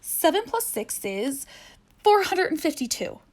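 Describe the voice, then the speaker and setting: A woman's voice: high-pitched, sing-song, measured pace, darkish tone, pitched above the performer's own voice. A woman voicing a boastful young girl ghost in a storybook reading. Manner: bragging, indignant.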